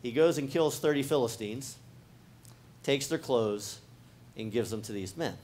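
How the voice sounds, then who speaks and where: A man's voice: mid-range voice, a little slow, a little mellow, slight background noise. A man, a pastor, preaching a sermon in a casual, conversational way, talking straight to the congregation and often restarting his phrases. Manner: talks directly to the congregation.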